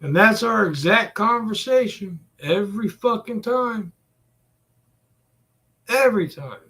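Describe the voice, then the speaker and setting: Gravelly, exasperated man venting. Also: high voice, animated, takes it slowly, sharp tone. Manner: exasperated, repetitive, cursing. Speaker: vlogger. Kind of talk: profane venting rant to camera.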